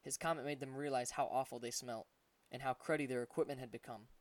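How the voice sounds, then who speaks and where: A man's voice: medium pitch, fairly even intonation, fast talker, no room sound. Man reading a storybook aloud, dry and distant. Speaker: audiobook narrator. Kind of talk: audiobook reading, voicing characters.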